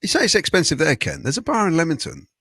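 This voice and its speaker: A man's voice: on the high side, big pitch swings, fast talker, gravelly, fairly bright tone, breathy edge, dry recording, clean studio sound. A man hosting a casual football fan podcast, chatting, laughing often and reading out viewer messages.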